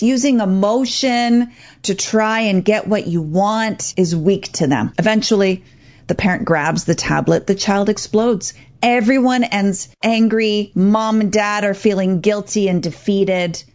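A woman's voice: mid-range voice, a little mellow. A woman hosts a talk radio show, speaking as a parent coach in an earnest, emphatic way. Her voice comes through with a dull, lo-fi broadcast sound. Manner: earnest, emphatic advice-giving.

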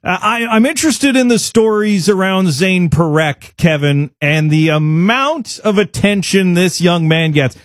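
Sports radio host, slightly high, dry sound. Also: male voice, a little slow, hardly any pauses, dry recording. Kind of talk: radio interview.

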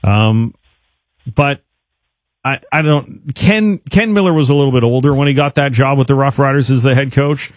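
Relaxed male sports radio host. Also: mid-range voice, dry recording, studio quality. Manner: relaxed, joking, quick to laugh. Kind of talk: casual radio interview.

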